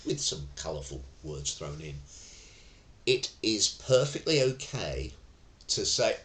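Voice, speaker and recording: Male instructor, lowish voice, conversational teaching, echoey room. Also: very animated, slow pace, a bit bright. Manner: conversational, anecdotal, acts out quoted phrases. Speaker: tai chi and self-defence instructor. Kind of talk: spoken lesson. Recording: roomy echo.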